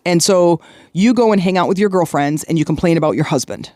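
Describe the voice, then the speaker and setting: A woman's voice: lowish voice, a little fast, warm tone, no room sound. Chatty woman podcaster, dry close sound. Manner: chatty storytelling, checks in with "okay?" and "right?". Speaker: podcast host. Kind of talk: solo podcast monologue.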